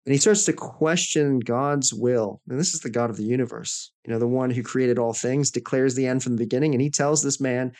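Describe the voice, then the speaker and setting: A man's voice: mid-range voice, brisk, hardly any pauses, darkish tone. Earnest man explaining scripture. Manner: earnest, explains scripture step by step with brief restarts. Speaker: podcast co-host. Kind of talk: casual Bible discussion.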